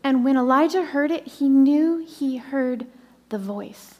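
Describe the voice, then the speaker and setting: Woman preacher, middle-aged, slow deliberate delivery, higher voice, long hall reverb, sermon. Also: fairly even intonation, lo-fi sound. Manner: slows and drops to a soft whisper for emphasis.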